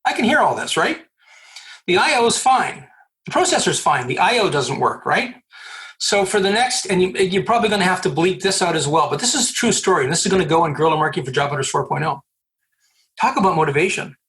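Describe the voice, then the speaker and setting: A man in his sixties, a podcast guest from Canada, telling a personal story in a lively, joking way and acting out the people he quotes. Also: sits high, brisk. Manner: lively, jokey storyteller who acts out quoted dialogue. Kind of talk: animated storytelling.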